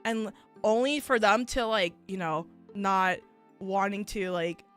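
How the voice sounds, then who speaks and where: A woman VTuber telling stories in casual chat, animated and full of fillers, acting out the people in them. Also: medium pitch, slow pace, clear, resonant tone, faint music behind. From United States. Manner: animated, filler-heavy, acts out voices in stories. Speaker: VTuber streamer.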